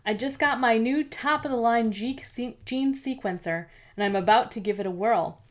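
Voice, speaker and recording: A bubbly, silky-voiced Australian scientist, a woman thrilled by insects, as a female narrator puts her on. She gushes eagerly, her voice lifted higher than the narration around her, in a spoken storybook. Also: normal speed, natural voice. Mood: cheerful. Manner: eager, bright and gushing.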